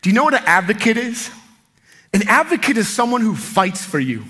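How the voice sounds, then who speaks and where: Pastor, male, bright high voice, energetic emphatic preaching. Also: a little fast, slightly rough. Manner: energetic, emphatic preaching with sudden loud peaks. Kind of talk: sermon.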